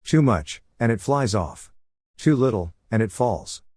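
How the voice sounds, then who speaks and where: A man voicing a gentle, patient female spirit mentor in a fan story reading, in a calm even tone. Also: lowish voice, measured pace, a little hiss or hum.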